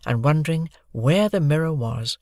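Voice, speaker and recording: Audiobook narrator, lively animated reading, slight gravel, dry close mic. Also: mid-range voice, normal speed, no echo. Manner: lively, expressive storytelling. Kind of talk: scripted narration of a children's novel.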